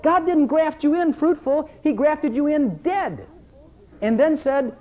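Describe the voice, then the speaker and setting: A man preaching a sermon to his church, animated and repetitive, breaking into mocking voices for his listeners. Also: extremely high pitch, a little slow. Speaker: pastor.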